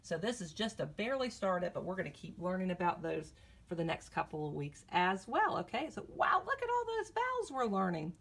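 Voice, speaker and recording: A woman's voice: fairly low pitch, very animated, fairly quick, fairly bright tone. A woman teaching a recorded phonics lesson to young children, upbeat and coaxing, asking the kids questions, recorded on a phone. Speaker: elementary teacher.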